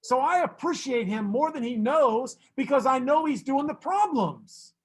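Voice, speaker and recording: A man teaching a math class, brisk and teasing, fussing at students and then reassuring them. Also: extremely high pitch, expressive, husky.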